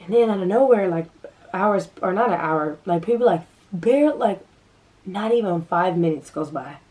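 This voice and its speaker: A woman's voice: lowish voice, lively intonation, normal speed, mellow, distant mic, rough recording. A young woman vlogger telling a story in casual chat, full of fillers and restarts.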